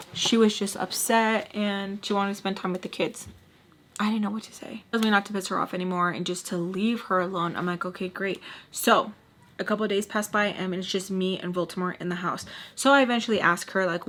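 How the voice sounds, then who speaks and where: A young woman vlogging a casual storytime while doing her makeup, full of likes and quick restarts. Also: medium pitch, steady tone, a bit bright. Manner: chatty, many likes and restarts; voices others in quoted bursts.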